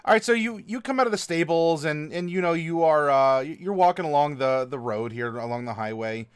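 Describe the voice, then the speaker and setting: Halting, higher-voiced male game master. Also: expressive, clear, resonant tone. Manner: halting, full of fillers. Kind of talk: narrating a tabletop game.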